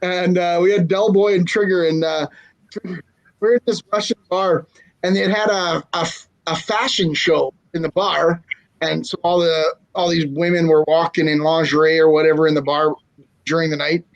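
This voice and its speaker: A man hosting a podcast, telling a casual anecdote with a relaxed pace and pauses filled with "uh". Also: fairly high pitch, highs cut off. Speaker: podcast host. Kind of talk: casual chat.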